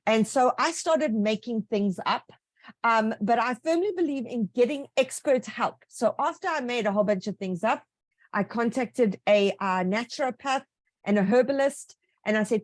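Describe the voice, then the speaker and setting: Animated, fairly high-voiced woman author. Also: moderate pace, no echo, clean studio sound. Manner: lively, enthusiastic storytelling with asides. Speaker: author being interviewed. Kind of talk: casual interview answers.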